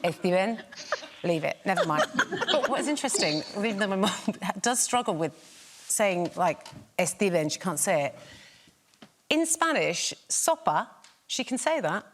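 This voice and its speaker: A woman's voice: medium pitch, big pitch swings, normal speed, slight background noise. A woman panellist telling a casual story, with chatty restarts and laughter. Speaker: comedy panellist. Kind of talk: casual anecdote on a panel show.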